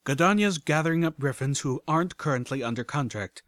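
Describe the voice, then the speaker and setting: A man's voice: fairly high pitch, fairly quick, fairly bright tone, dry recording, voice pushed up, natural voice. A man voicing a small, determined young female unicorn who talks earnestly and urgently.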